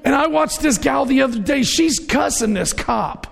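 Middle-aged male preacher, high and gravelly, chatty storytelling sermon. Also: lively intonation, normal speed. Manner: conversational, storytelling, acts out quoted voices. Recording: reverberant hall.

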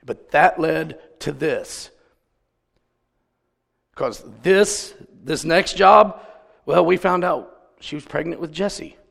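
A man's voice: fairly high pitch, slow, gravelly, long pauses, a bit bright, in a large hall. A man preaching a conversational sermon, telling stories and putting questions to the congregation. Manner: storytelling, asks the congregation questions.

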